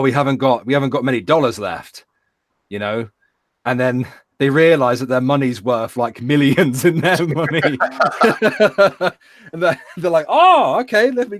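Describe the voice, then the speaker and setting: British male co-host, mid-pitched, rambling casual chat, dry mic. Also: dry recording. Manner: rambling, stammering repeats, animated retellings. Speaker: podcast co-host.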